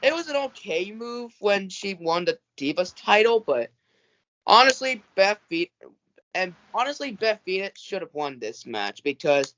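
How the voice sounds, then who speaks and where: A man's voice: high-pitched, very animated, a little slow, pushed and bright. A man on a podcast panel, ranting and cursing in casual chat. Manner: ranting, swears a lot, restarts. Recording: dull lo-fi audio.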